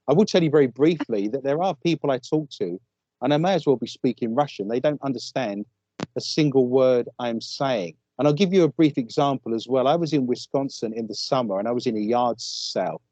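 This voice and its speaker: A man with an East London English accent, a guest telling wry, animated stories in a casual interview. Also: mid-range voice, dry recording, muffled recording. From England. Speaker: guest, paranormal investigator.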